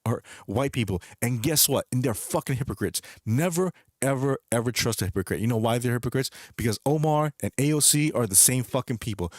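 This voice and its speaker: A man's voice: mid-range voice, expressive, fairly quick, hardly any pauses, dry recording, studio quality. A young man livestreaming, talking in a heated, profane rant, stumbling and restarting his sentences. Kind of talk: casual chat.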